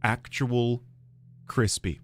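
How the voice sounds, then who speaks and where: A man's voice: medium pitch, steady tone, extremely slow. A man streaming a game, chatting casually and greeting viewers by name.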